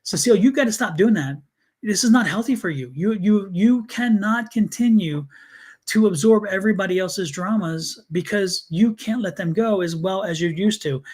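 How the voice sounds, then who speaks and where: A man's voice: high voice, normal speed, darkish tone, breathy edge. A man giving live tarot readings on a stream, speaking earnestly and repeating himself as he calls on viewers by name. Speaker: tarot reader.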